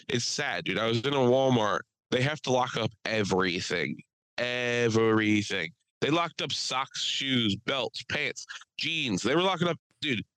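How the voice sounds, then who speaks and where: A man's voice: medium pitch, a bit bright, no room sound, low-quality recording. A man co-hosting a podcast, telling crude jokes and rambling stories in casual chat. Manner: joking, profane storytelling with quick asides. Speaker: podcast co-host.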